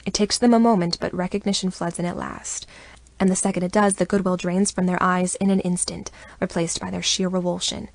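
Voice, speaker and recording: A young adult woman narrating a first-person audiobook in an expressive, even storytelling manner, on a close studio mic. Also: on the low side, a little fast, vocal fry, no room sound.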